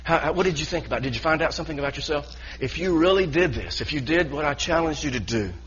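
A man's voice: a little high, lively intonation, quick pace, a bit bright, highs cut off, slight background noise. A man preaching a sermon as pastor, earnest and full of restarts and repeated words.

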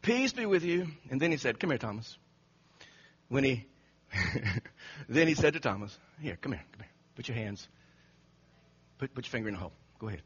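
A man preaching an animated sermon, telling the story dramatically and acting out the quotes with frequent laughter. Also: mid-range voice, normal speed, long pauses, breathy edge. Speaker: pastor. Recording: muffled lo-fi recording.

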